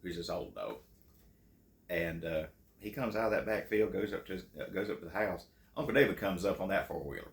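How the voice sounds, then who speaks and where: Deep gravelly guy telling hunting stories, echoey room. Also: expressive, brisk. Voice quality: gravelly, folksy and laughing easily. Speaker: channel host and storyteller. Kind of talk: casual storytelling.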